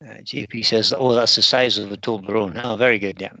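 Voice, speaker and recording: A man's voice: fairly low pitch, fairly even intonation, fairly quick, gravelly, bright, forceful tone, dry recording, low-quality recording. Chatty man hosting a workshop livestream. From United Kingdom. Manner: chatty, reads viewer comments aloud. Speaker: woodturning livestream host. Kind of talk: casual live-stream chat reading comments.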